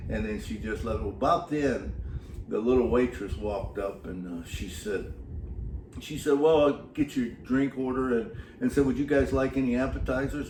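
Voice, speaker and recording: A man's voice: mid-range voice, a little mellow, reverberant, recorded from a distance, slight background noise, poor audio. A man, a son telling family stories about his mother in a folksy way, with many fillers and repeats. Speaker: son giving a tribute, gospel singer.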